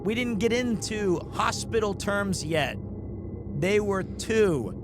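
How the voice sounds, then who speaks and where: A man's high, lively voice moves slowly over music as he streams a game live, joking around with viewers and frequently laughing. Background noise is noticeable throughout his casual commentary.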